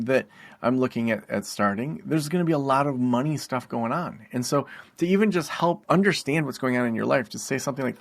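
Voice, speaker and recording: Man, podcast host, solo episode, gravelly fry, dry close sound, casual rambling delivery with fillers. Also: mid-range voice, no echo. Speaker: podcast host and private practice consultant.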